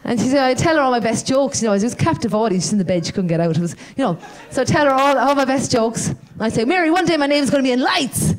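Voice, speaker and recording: An Irish woman performing stand-up on a live comedy stage, talking into a handheld mic. Her voice sits a little high, and her delivery is rambling and self-deprecating, full of restarts and dark punchlines. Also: expressive, fast, few pauses.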